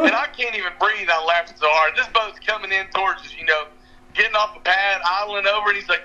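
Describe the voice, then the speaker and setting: A man's voice: high voice, fairly quick, bright, forceful tone, faint music behind. A young man with a drawl, laughing as he tells a fishing story over a call. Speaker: fishing guide and podcast regular. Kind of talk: casual storytelling. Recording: muffled phone-line call.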